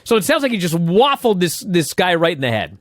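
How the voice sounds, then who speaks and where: A man's voice: high voice, wildly swooping pitch, fairly quick, no room sound, clean studio sound. A man co-hosting a casual podcast, animatedly retelling events with laughs and the odd swear. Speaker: podcast co-host. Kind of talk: casual chat recapping wrestling.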